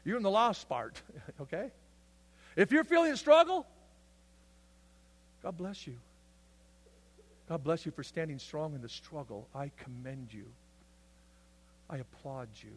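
A male pastor preaching a sermon, swinging between loud, impassioned passages and hushed, intense ones. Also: a little high, lively intonation, measured pace, pauses often, slight background noise. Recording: long hall reverb.

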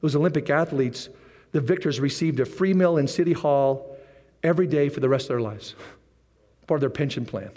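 A man preaching a sermon as pastor, animated, with repeated rallying phrases and joking asides. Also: fairly high pitch, fairly quick. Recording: long reverb of a large hall.

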